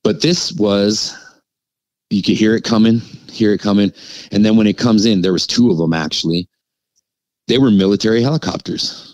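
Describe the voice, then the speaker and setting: A middle-aged man casually recounting a story as a podcast guest, animated and full of fillers, with frequent little laughs. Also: lowish voice, moderate pace, no echo, rough recording.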